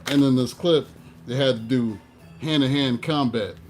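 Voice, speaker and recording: A man giving a casual tarot reading, animated, swearing and talking to himself. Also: mid-range voice, moderate pace, faint music behind. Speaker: tarot reader.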